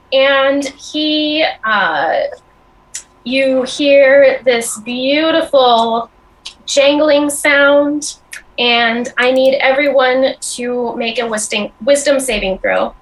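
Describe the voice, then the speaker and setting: A woman narrates a tabletop game as game master. Her voice is high and unhurried. She pauses and fills gaps with ums. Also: low-quality recording.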